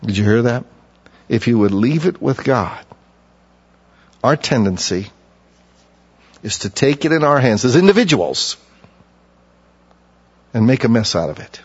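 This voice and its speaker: A man's voice: mid-range voice, sing-song, unhurried, long pauses, breathy edge. A man preaching a sermon, reading scripture aloud and breaking off to explain it in plain, emphatic asides. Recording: dull lo-fi sound with long hall reverb.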